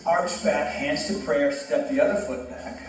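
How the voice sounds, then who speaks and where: Upbeat male yoga instructor, slightly high voice, jokes at himself, echoey room, far from the mic. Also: fairly even intonation, unhurried. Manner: casual, encouraging, self-joking. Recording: echoey room, distant mic, soft music.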